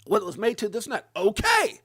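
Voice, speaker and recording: A man's voice: high voice, animated, rapid-fire, slightly rough, no room sound, clean studio sound. A middle-aged American man hosting a crypto livestream, venting heatedly about his bank and swearing freely. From United States. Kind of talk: casual ranting livestream talk.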